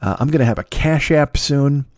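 A man's voice: medium pitch, normal speed, a little mellow, no echo, studio quality. Profane, rambling middle-aged man. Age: 50s. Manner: profane, self-deprecating, rambling. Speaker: podcast host. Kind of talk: rambling solo podcast monologue.

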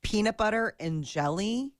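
A woman's voice: mid-range voice, animated, normal speed, dry recording, studio quality. A woman co-hosting a morning radio show, chatting casually and eagerly about food.

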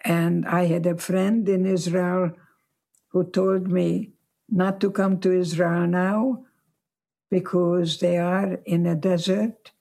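Woman in her nineties, gravelly voice, flat and unhurried, interview guest. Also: on the low side. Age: 90s. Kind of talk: slow reflective storytelling.

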